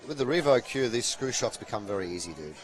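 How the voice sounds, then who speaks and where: A man hosting live pool commentary from a commentary box, chatty and playful, with shout-outs to viewers. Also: mid-range voice, lively intonation, fast, background noise.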